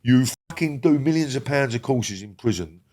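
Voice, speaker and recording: A man's voice: mid-range voice, lively intonation, normal speed, mellow. An older man speaks in a mid-range voice as a podcast guest. His talk is blunt and full of swearing. He often stops and restarts his sentences. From England. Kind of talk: casual interview talk.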